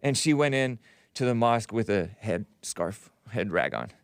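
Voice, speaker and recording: A man's voice: lowish voice, lively intonation, moderate pace, clean tone, no room sound, clean studio sound. A man hosting a talk show, delivering a casual monologue in a sardonic, mocking tone and laughing at his own remarks.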